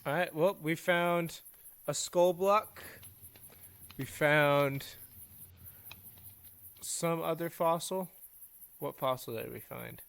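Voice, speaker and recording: A man's voice: on the high side, slow, gravelly, pauses often, a bit bright, no room sound. A man hosting a gaming video, chatting to himself and his viewers as he plays. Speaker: gaming channel host. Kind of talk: let's play commentary.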